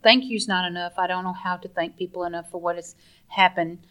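A woman speaking as a guest in an interview, earnest and emotional, halting and restarting as she talks. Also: fairly low pitch, steady tone, a bit bright, clear, resonant tone. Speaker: guest, mother of the subject.

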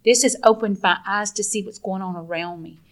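A woman speaking as a guest in an interview, earnest and emotional, halting and restarting as she talks. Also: medium pitch. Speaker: guest, mother of the subject.

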